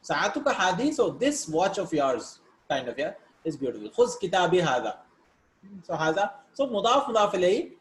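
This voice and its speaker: In a recorded Arabic lesson, a man reads Arabic words and sentences and explains them step by step in English, asking "right?" between points. His high voice races along in a sing-song way, and the echoey room carries a faint background hiss.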